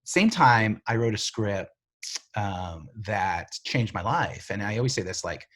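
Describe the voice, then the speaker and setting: A middle-aged man, a TV writer and showrunner, telling stories in a casual interview, lively and full of fillers, acting out the voices of other people. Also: fairly low pitch, measured pace. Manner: animated, filler-heavy storyteller who acts out quoted voices.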